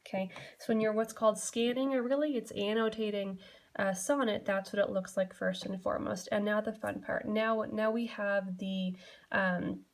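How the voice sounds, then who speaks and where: A woman's voice: mid-range voice, fairly even intonation, moderate pace. A young adult woman teacher giving a classroom lesson, explaining patiently and steadily with frequent fillers. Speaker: English teacher.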